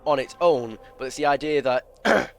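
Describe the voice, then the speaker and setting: A man's voice: medium pitch, moderate pace. A man giving casual gameplay commentary, rambling and opinionated, full of restarts and filler words. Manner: opinionated, explains at length. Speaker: gaming video creator.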